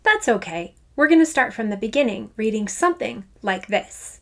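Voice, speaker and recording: Lively, upbeat woman music teacher. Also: on the high side, normal speed, creaky. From Canada. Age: middle-aged. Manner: enthusiastic, playful, speaks to children. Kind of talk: upbeat online music lesson.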